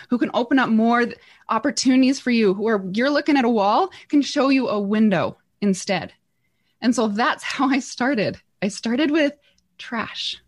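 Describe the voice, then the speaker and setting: High-voiced woman telling an earnest story. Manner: animated, earnest, acts out quotes. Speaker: podcast guest, entrepreneur. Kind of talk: personal storytelling.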